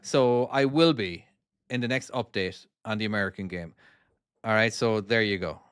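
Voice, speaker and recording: A man's voice: on the low side, moderate pace, fairly bright tone, clear, resonant tone, no room sound, clean studio sound. A man, casually chatting on a live stream while playing his own trucking game and reading out viewer comments. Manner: chatty, easily distracted, reads comments aloud.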